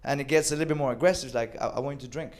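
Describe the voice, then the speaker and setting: A man telling a wild personal story with animated delivery, acting out quoted lines and swearing freely. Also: medium pitch, racing. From Sweden. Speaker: storyteller on a comedy show. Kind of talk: live comedic storytelling.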